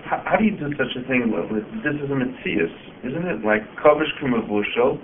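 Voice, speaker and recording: A man in a class speaks in a quiet, questioning way, as if checking his understanding. His voice sits at a middle pitch. The sound is thin and phone-like. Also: expressive, fairly quick. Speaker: class participant. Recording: tinny phone-like lo-fi recording.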